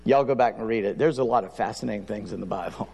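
A man's voice: on the low side, quick pace, creaky, dark tone, husky, big-room sound. A middle-aged man preaching a sermon in a folksy storytelling manner. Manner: folksy storytelling, acts out prayers and dialogue. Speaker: pastor.

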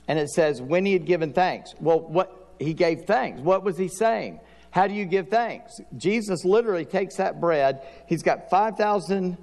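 Middle-aged pastor, folksy sermon delivery, slightly high gravelly voice, long church reverb. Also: male voice, a little mellow. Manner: folksy storytelling, acts out prayers and dialogue.

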